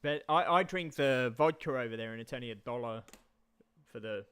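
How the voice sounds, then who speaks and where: A man's voice: mid-range voice, moderate pace, fairly bright tone, clean tone. A man rambling casually on a live stream, repeating himself and talking straight to his chat.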